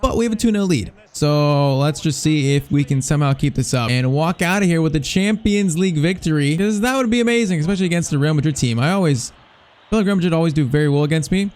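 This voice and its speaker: A young man giving live, excitable commentary over a football video game, reacting nervously and shouting at big chances. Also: a little high, fast talker. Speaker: gaming YouTuber.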